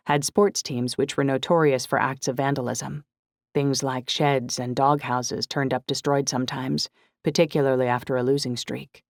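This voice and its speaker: A woman giving steady, measured first-person narration of a novel. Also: very deep voice, dry recording, studio quality. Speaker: audiobook narrator.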